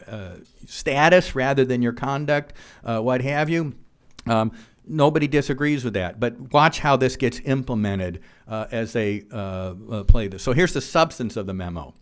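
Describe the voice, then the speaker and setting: A man giving an earnest policy presentation to a live audience in a room, reading quotes aloud and pausing on frequent fillers. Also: medium pitch, smooth. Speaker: policy speaker.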